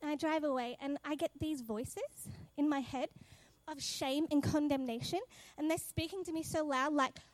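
A woman telling a faith testimony in a lively way, acting out the dialogue and often laughing. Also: sits high, moderate pace, dry recording. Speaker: speaker sharing a testimony. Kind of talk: animated personal testimony.

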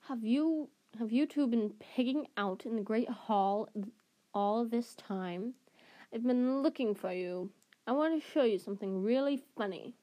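A woman's voice: on the high side, mellow, close to an everyday voice. A woman doing a drawling, sneering schoolboy. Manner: slow drawl. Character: sneering drawling teenage boy bully.

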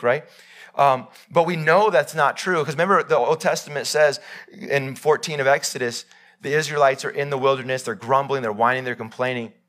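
Bright-voiced preaching pastor, loud then hushed. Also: male voice. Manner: swings between loud emphatic peaks and quiet low passages; voices God and Bible figures in quoted speech. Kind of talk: live sermon. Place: church.

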